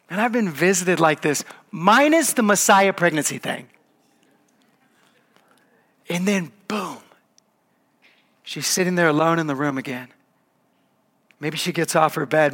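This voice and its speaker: A man's voice: fairly high pitch, unhurried, pauses often. Man preaching a conversational sermon. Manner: conversational, animated storytelling. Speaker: pastor.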